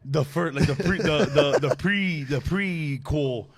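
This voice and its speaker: A man's voice: a little high, measured pace. A man hosting a casual podcast, crude and bossy, swearing a lot as he steers his guest. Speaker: podcast host.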